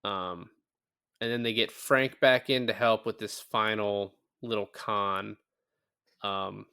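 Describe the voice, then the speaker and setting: A man with a fairly low voice talks through a movie scene by scene in a loose podcast chat. He acts out the characters' lines as he goes and swears casually. The sound is dry and close, with no room around it. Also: takes it slowly, creaky, clean tone, dry recording. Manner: animated retelling with quoted lines and swearing. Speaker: podcast co-host.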